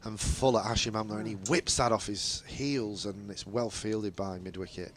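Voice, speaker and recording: A man's voice: fairly low pitch, steady tone, moderate pace, a little hiss or hum. A man giving ball-by-ball radio cricket commentary, lifting his voice on boundaries and chatting easily between balls.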